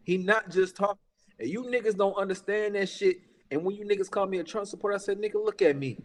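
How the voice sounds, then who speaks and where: A man's voice: high voice, fairly even intonation, fast talker, in a large hall. A man ranting in a heated, casual podcast chat. He is profane and emphatic, repeats himself and keeps saying "bruh". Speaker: podcast talker.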